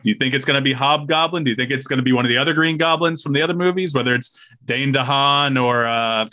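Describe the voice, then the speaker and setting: Bright-voiced man asking questions. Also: medium pitch, fast talker. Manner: laughing, teasing, asks questions. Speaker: podcast co-host. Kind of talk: casual chat.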